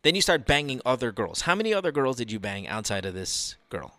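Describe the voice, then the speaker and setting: Brash, lively-voiced male podcast host. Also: mid-range voice, brisk, no room sound. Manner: brash, crude and teasing. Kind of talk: call-in advice show banter.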